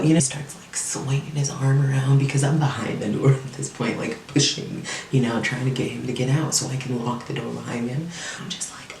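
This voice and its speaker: Gravelly woman, candid profane storyteller. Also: rumbling low, brisk, dark tone, slight background noise. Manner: candid, profane, chatty with many fillers. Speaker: vlogger telling a personal story. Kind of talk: casual storytime monologue. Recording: echoey room, mic at a distance.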